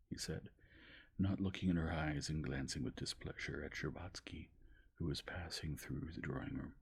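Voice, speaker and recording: Male narrator, whispered role-play; deep, airy, gentle delivery. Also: gravelly, breathy edge. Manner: soft, slow, gentle. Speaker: narrator reading a novel aloud.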